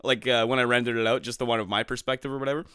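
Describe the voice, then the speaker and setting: A man's voice: medium pitch, racing, smooth, no echo, studio quality. A man co-hosting a podcast, telling stories in casual, profane chat and acting out the quotes. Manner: animated storyteller, swears freely, acts out quotes. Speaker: podcast co-host.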